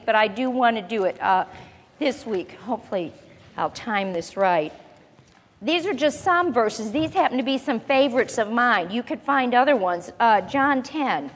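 A woman with a high voice gives a conversational Bible teaching. She talks casually and often puts rhetorical questions to her listeners. Her voice rings with a long reverb, as in a large hall. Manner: chatty, asks the audience rhetorical questions.

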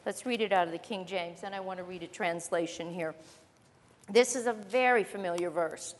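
A woman preaching a sermon, emphatic, slowing down to stress key phrases. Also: on the low side, in a large hall.

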